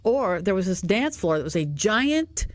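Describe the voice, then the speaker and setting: A woman's voice: mid-range voice, sing-song, unhurried, no room sound. A woman with a Michigan accent hosting a talk radio show, chatting casually, laughing often and drifting into long anecdotes.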